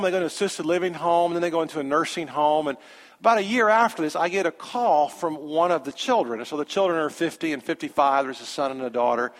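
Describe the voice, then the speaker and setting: A man, a pastor telling a story in a sermon with animated, conversational quoted dialogue. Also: a little high. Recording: long hall reverb.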